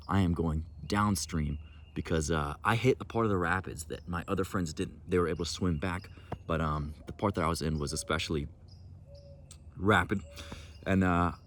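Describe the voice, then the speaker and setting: A man's voice: low voice, slight background noise. A man in his twenties telling a story to camera outdoors at sunrise in a laid-back, profane, casual vlog style, calling the viewer "bro". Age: 20s. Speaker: vlogger.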